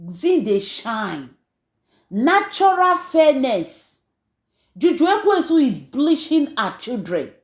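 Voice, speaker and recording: A woman's voice: a little high, big pitch swings, measured pace, hardly any pauses, a little mellow, echoey room. A Nigerian woman hosting a gossip channel, talking in a chatty, mocking way as she mixes Pidgin and English in celebrity gossip commentary.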